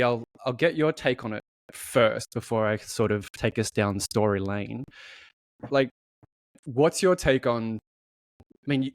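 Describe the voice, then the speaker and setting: A man's voice: mid-range voice, no room sound. A man hosting a podcast, talking in a chatty way and often breaking off his own sentences. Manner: chatty, self-interrupting. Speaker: podcast host. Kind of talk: casual chat.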